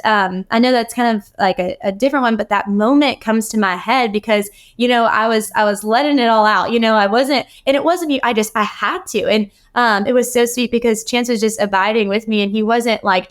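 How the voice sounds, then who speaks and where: A woman's voice: a little high, steady tone, fairly quick, few pauses. A woman guest on a podcast, talking earnestly and rambling with many fillers in casual interview conversation.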